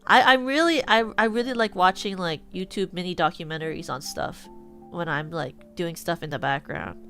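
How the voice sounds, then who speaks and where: A woman's voice: lowish voice, normal speed, fairly bright tone, soft background music. A young woman with a West Coast American accent, chatting casually on her stream in a rambling way, full of fillers and restarts. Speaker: VTuber streamer. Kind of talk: casual chat.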